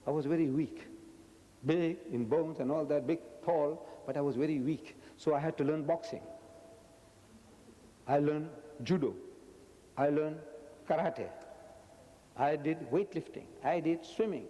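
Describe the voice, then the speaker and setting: A man in his seventies giving a religious lecture, loud and forceful, his pitch jumping high when he gets animated. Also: measured pace, pauses often. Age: 70s. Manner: loud, forceful, booming delivery; pitch swings sharply upward when animated. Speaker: Islamic lecturer. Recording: long hall reverb.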